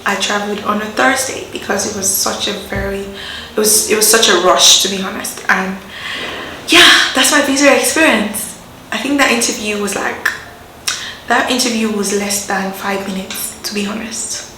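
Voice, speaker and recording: Nigerian girl telling a story to camera, lively and chatty, roomy echo, bit of hiss. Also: medium pitch, normal speed. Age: young adult. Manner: animated, acts out quoted voices, laughs often. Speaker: vlogger.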